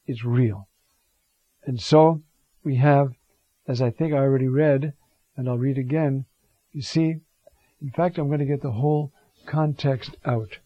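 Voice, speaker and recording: Gravelly-voiced man explaining scripture. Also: medium pitch, no echo. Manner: conversational, digressive, keeps saying "you see". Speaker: priest teaching on scripture. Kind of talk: homily-style Bible commentary. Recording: dull lo-fi close mic, dry.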